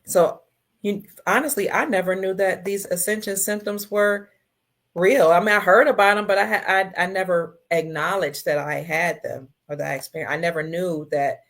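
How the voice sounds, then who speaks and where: A woman hosting a casual livestream, reading viewer comments, emotional and tearful, her voice swinging between soft and loud. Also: fairly low pitch, steady tone, moderate pace. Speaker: livestream host.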